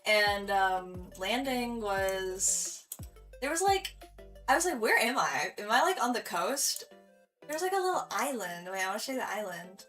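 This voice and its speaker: A woman's voice: a little high, a bit bright. A young woman from Michigan chatting through a vlog, giggly and full of fillers as she tells a story. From Michigan, USA. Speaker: vlogger.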